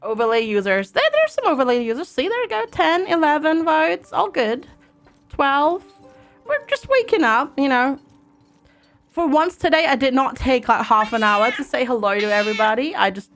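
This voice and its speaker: A woman's voice: sits high, a bit bright. A woman from Germany streaming a game live, chatting casually and greeting viewers by name into a desk microphone.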